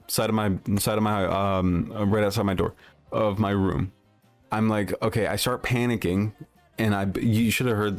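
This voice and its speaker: A man livestreaming, chatting loosely with his viewers and telling a rambling, swear-laden story full of restarts. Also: on the low side. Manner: rambling anecdote with profanity and frequent restarts. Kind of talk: casual livestream chat, reacting to chat.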